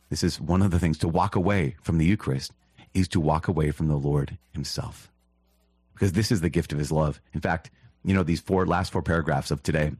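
A man hosting a teaching podcast, reading catechism passages and explaining them in an earnest, animated way with quick asides. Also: sits low, breathy edge, no echo. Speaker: priest podcast host.

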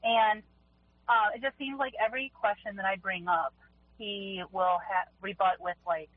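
A woman caller on a tinny phone line asks her question hesitantly. Her voice is husky and her speech is full of fillers. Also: medium pitch, fairly even intonation, normal speed. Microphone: telephone.

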